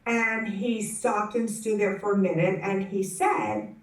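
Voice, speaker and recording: Woman speaker, unhurried story delivered at a conference, heard from a distance in an echoey hall. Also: medium pitch. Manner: animated, acts out the voices in her story; frequent self-corrections and restarts. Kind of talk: personal storytelling talk.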